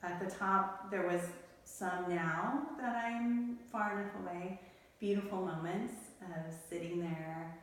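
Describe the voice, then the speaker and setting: A woman's voice: fairly low pitch, fairly even intonation, takes it slowly. A middle-aged woman telling a personal story as an interview guest, in a candid, emotional, tumbling way. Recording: echoey room, mic at a distance.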